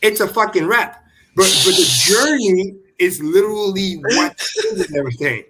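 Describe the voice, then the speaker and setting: A man in casual chat on a stream, telling his story in an excitable, profane way. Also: high-pitched, normal speed, heavy background noise.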